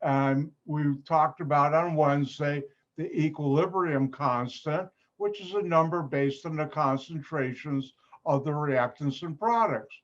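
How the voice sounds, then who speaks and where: A man's voice: a little high, a little slow. A man from Chicago with a Chicago accent teaching a live online chemistry class, upbeat and joking with his students. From Chicago, USA. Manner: jokey, upbeat, self-mocking. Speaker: chemistry instructor. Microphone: video call. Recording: muffled video-call audio.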